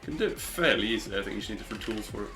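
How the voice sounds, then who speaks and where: A man's voice: on the low side, expressive, rapid-fire. A man chatting casually on a live stream while speedrunning a game, rambling, mocking himself and swearing now and then. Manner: rambling and self-mocking, swearing and reacting to chat. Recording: gameplay audio with loud music behind.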